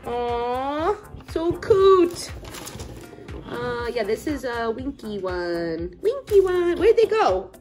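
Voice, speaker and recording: Woman toy vlogger, gushing unboxing at home, bouncy sing-song delivery over quiet music. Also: high voice, takes it slowly. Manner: gushing, gasping with excitement. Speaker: toy collector and parent blogger. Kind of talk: casual toy unboxing chat.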